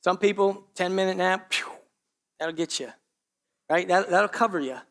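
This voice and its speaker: Male pastor, high-pitched, emphatic sermon delivery with loud and hushed swings. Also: normal speed.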